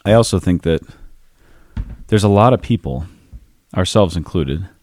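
A man co-hosting a casual podcast, calm and mostly agreeing with short replies. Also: deep voice, measured pace. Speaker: podcast co-host.

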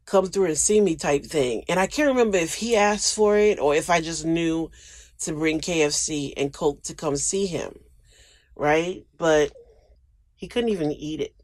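A man's voice: on the high side, dry recording. A man hosting a casual solo podcast, rambling and emotional, sometimes close to tears. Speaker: podcast host.

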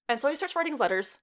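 A woman's voice: high voice, fairly bright tone. A woman in her twenties retelling a story in a casual, chatty way, swearing freely and laughing often. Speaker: show reviewer. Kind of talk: casual plot recap.

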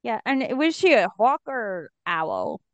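A woman co-hosting a podcast, chatting in an animated way with playful asides. Her voice is fairly high, and it comes through a dull, lo-fi mic with a dry sound and no room echo. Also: takes it slowly. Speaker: podcast co-host. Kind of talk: casual chat recapping a TV episode.

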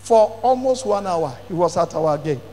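A middle-aged male pastor, telling a testimony in a sermon with dramatic bursts of shouting. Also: high voice, lively intonation, moderate pace. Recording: long hall reverb.

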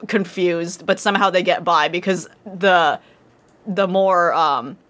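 A woman's voice: on the low side, unhurried, fairly bright tone. A woman chatting on a podcast, giggly and hesitant, full of fillers. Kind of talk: casual podcast chat.

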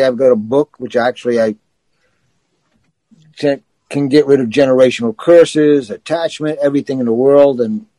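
A man's voice: mid-range voice, darkish tone, no room sound, low-quality recording. A man co-hosting a podcast, talking in an earnest, matter-of-fact way. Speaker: podcast co-host. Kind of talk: casual chat.

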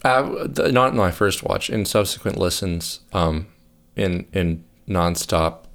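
A man on a casual podcast who talks haltingly, corrects himself, and adds dry asides. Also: low voice, expressive, creaky, fairly bright tone. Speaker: podcast co-host.

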